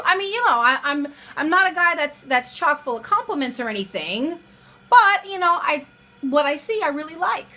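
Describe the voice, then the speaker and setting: Bright, high-voiced young woman giving dating tips. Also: moderate pace. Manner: chatty, acts out both sides of pickup lines. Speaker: dating advice vlogger. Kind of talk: casual advice monologue.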